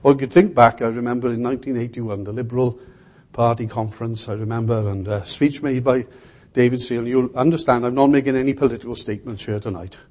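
A man's voice: mid-range voice, fairly even intonation, fast talker, darkish tone. An older man preaching a sermon in an earnest, emphatic way, repeating key words.

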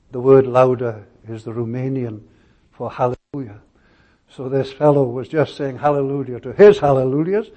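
A male pastor preaching a sermon, telling stories in a halting way with many restarts and fillers. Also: fairly high pitch, a little mellow.

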